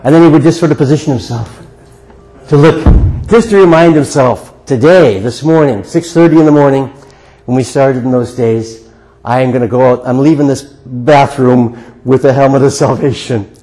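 A man's voice: mid-range voice, normal speed, mellow, low-quality recording. An older man preaching a sermon to a congregation in an earnest, conversational way, with repeated rhetorical questions. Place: church sanctuary before a congregation.

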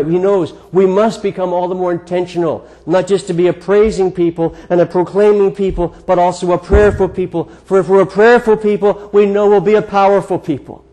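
A man preaching a sermon, telling a personal story in an earnest way with emphatic pauses. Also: sits high, darkish tone, poor audio. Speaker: guest preacher.

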